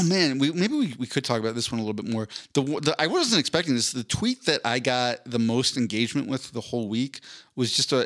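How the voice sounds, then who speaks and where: A man trading crude jokes on a podcast, reading out tweets and his own replies. His voice sits at a middle pitch, and he lifts it when he quotes someone. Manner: joking, crude, animated when quoting. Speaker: podcast co-host. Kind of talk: casual chat, reading out tweets.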